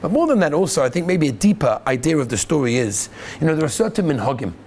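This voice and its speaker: A man, a rabbi in a yeshiva, telling a story in an animated way and mixing Hebrew and Yiddish words into his talk. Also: a little high, fast talker. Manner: animated storyteller, acts out the voices in his tale. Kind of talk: casual Torah talk with a story.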